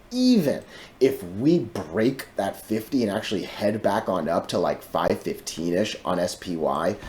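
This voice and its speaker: A man's voice: low voice, a little mellow, a little hiss or hum. A man giving casual stock market commentary to his viewers, emphatic and repetitive, often cutting in with "listen" and "right?". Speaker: stock chart analyst host.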